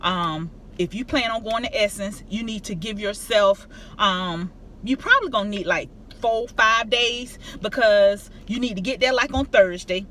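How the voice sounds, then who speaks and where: A middle-aged woman tells a travel story to her viewers in a casual, emphatic, animated way. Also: mid-range voice, moderate pace, a little hiss or hum. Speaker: vlogger.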